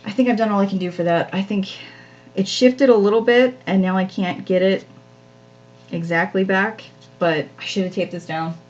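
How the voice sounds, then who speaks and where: A woman's voice: medium pitch, steady tone, moderate pace, darkish tone, highs cut off. A woman hosting a live crafting stream, chatting casually and self-deprecatingly with viewers as she works, often laughing at herself. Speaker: craft channel host.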